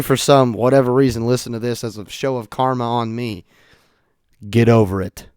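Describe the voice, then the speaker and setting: A young man telling stories in an animated way on a casual podcast monologue. He swings between loud outbursts and quiet asides. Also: medium pitch, moderate pace, clear, resonant tone, no room sound, clean studio sound. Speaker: podcast host.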